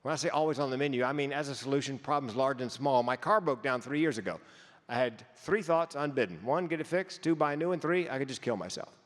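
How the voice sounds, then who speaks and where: A fast-talking man with a medium-pitched voice gives a keynote speech in a conference hall, telling stories with comic timing and sometimes stumbling over repeated words. The recording carries a long hall reverb.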